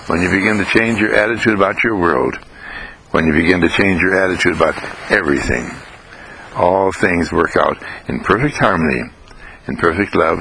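A man giving an inspirational self-help monologue, gentle and sing-song, repeating phrases with rising pitch. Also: creaky, slightly rough, rough recording.

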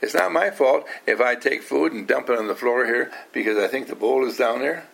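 A man's voice: mid-range voice, fairly quick, creaky, fairly bright tone. An older man giving an informal talk to a small group, often asking questions, teasing his listeners and acting out the people he quotes. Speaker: household teacher.

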